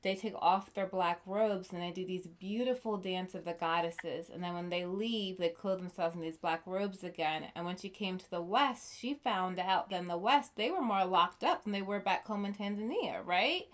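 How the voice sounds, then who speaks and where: Soft-spoken woman chatting, lots of fillers. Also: lowish voice, moderate pace, hardly any pauses. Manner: rambling, many "like" and "um" fillers. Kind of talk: casual chat.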